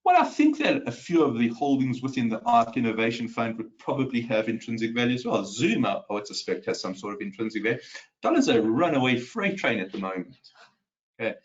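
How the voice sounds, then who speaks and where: This market analyst host, medium in pitch, runs live commentary from his home office on audio with the highs cut off. His talk is loose and casual, with plenty of fillers, false starts, and questions aimed at viewers.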